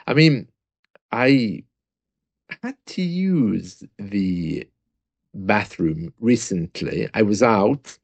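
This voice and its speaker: A man's voice: fairly low pitch, lively intonation, extremely slow, creaky, pauses often, slightly rough, dry recording. A British man talking casually and reading a news report aloud, chatty and self-mocking, with asides and small laughs. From Britain.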